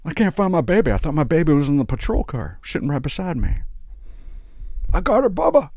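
A man voicing a drunk, desperate young mother in a stand-up bit, pleading in a high wail. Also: very animated, brisk, a little mellow, no echo, clean studio sound.

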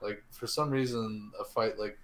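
A man's voice: fairly low pitch, steady tone, normal speed, fairly bright tone, echoey room, rough recording. A man chatting casually, hesitant and noncommittal, often restarting his sentences. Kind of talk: casual chat.

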